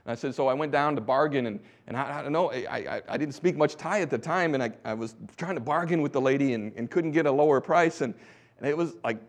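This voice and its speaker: A middle-aged preacher from the United States telling his story from the pulpit. His voice sits at an ordinary pitch for a man. He drops to near-whispers, then rises to loud, urgent exhortation. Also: fast talker. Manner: exhorting, swinging from hushed to loud. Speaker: missionary preacher. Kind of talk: sermon testimony.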